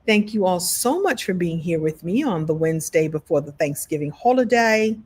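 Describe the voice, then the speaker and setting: A middle-aged woman hosting a live online session as a story coach, talking to viewers in a playful, animated way and laughing often. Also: lowish voice, normal speed, slightly rough. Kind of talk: live-stream talk to viewers.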